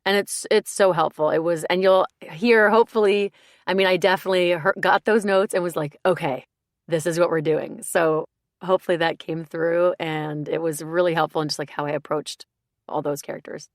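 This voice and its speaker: A woman's voice: on the low side, steady tone, normal speed, no echo, clean studio sound. A woman audiobook narrator speaking enthusiastically in a casual interview.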